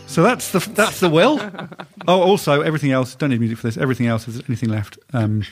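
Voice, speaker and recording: A man talks at a quick clip, hosting a comic music podcast in a studio. His delivery is deadpan as he spins out absurd jokes, with band music loud in the background. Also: medium pitch. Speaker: comedy podcast host. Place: recording studio.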